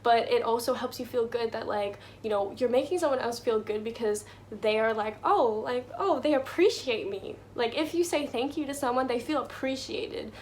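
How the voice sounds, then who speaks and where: A woman's voice: a little high, fairly quick, hardly any pauses, slight background noise. A young woman giving casual life advice to her viewers, chatty and full of "like" and "you know".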